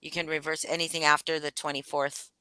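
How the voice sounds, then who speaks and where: A young woman chatting on a podcast, swearing freely and spinning crude jokes. Her voice sits a little low but sounds bright and forceful. It is recorded close and dry, with no room sound. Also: little pitch movement, fairly quick, smooth, dry recording, low-quality recording. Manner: crude, joking storyteller. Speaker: podcast co-host. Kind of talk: casual chat.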